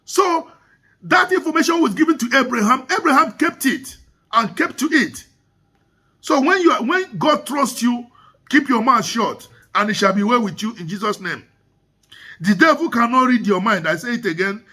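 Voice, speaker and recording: High, bright-toned man preaching. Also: lively intonation, normal speed, husky. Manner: emphatic, repeats key lines. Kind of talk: sermon. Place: church.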